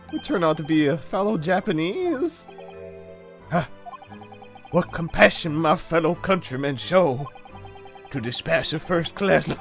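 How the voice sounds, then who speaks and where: A streamer voicing an eccentric, theatrical young poet who talks in alliterative, frantic bursts. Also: male voice, a little high. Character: eccentric paranoid male poet student abroad. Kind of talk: reading a game character aloud on stream. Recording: game music playing faintly behind.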